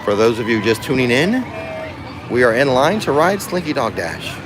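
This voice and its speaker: A man's voice: medium pitch, big pitch swings, normal speed, a crowd in the background, background noise. A man hosting a casual livestream from a theme park, chatting and joking with his viewers. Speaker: vlogger host. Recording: music playing clearly behind.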